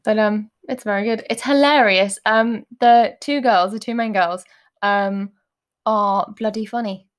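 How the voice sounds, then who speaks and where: A woman co-hosts a relaxed chat podcast, talking things through with frequent ums and little laughs. Her voice sits at an ordinary middle pitch. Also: unhurried. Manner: chatty, with lots of ums and giggles. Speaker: podcast co-host. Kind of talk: casual chat.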